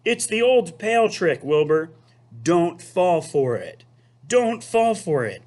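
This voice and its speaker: A man voicing an excitable, bossy female farm goose in a storybook read-aloud, repeating every phrase insistently. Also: sits high, slow pace, pitched above the performer's own voice, exaggerated voice.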